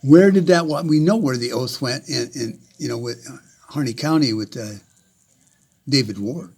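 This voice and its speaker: A man's voice: mid-range voice, moderate pace, a little mellow, husky. A man ranting angrily to camera with heavy swearing, often repeating words and restarting sentences. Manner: profane and heated. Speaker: vlogger. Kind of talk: angry rant to camera.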